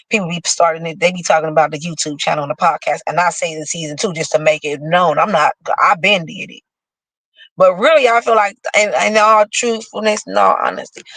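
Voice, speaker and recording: Gravelly lady riffing on horoscopes, dramatic and cussing, dry room. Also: medium pitch, no echo, rough recording. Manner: dramatic, profane, chatty. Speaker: horoscope show host. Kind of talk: casual chat reading horoscopes aloud.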